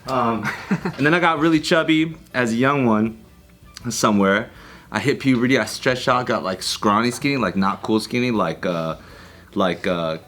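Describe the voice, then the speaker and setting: A man's voice: mid-range voice, moderate pace, fairly bright tone, faint music behind. A man on a podcast telling a rambling, profane story, full of fillers. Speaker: podcast guest. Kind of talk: casual chat.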